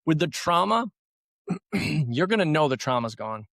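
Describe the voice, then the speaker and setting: Gravelly man explaining casually. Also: fairly high pitch, very animated, measured pace, a bit bright, no echo, clean studio sound. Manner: conversational, repeats words for emphasis. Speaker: trauma therapy practitioner. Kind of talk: casual podcast conversation.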